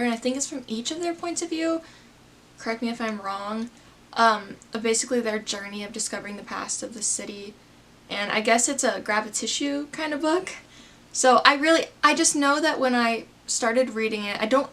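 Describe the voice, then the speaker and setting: A woman's voice: fairly high pitch, a bit bright, slight background noise. A woman in her twenties talking casually to camera as a book vlogger, chatty and self-deprecating with rambling asides. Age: 20s. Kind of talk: casual chat.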